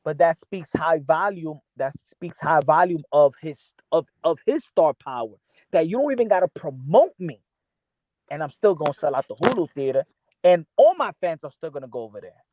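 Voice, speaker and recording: A man with a New York accent holds forth in a heated boxing debate, his voice sitting slightly high. He presses insistently and stacks repeated words to win the argument. The sound is dry and somewhat muffled. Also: expressive, normal speed, no echo. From New York City. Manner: insistent, talks over others, repeats words. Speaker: boxing commentator.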